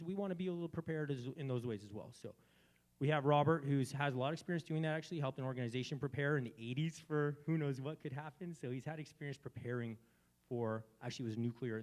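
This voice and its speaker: Fervent male host preaching at a gathering. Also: mid-range voice. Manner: fervent and preachy, swinging from soft to loud. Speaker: event host. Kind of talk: spiritual talk at a live gathering.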